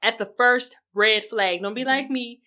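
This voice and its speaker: Blunt woman co-host with a higher voice. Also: measured pace, bright, forceful tone. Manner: blunt, profane, gives advice. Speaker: podcast co-host. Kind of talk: casual chat.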